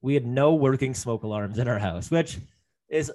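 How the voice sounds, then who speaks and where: A man's voice: medium pitch, moderate pace, mellow. Young man rambling through a story. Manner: rambling, many fillers and restarts. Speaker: guest telling a story. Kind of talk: casual chat.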